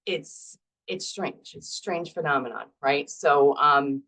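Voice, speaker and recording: Low-voiced chatty woman vlogger. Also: slow, a bit bright, rough recording. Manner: chatty, self-deprecating, laughs often. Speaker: vlog host. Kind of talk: casual talk to camera.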